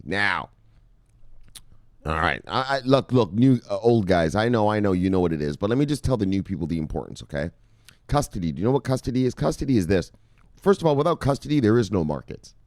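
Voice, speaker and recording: A man presenting crypto news in casual, profane commentary, rambling and swinging from loud outbursts to muttered asides. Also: lowish voice, dry recording, studio quality.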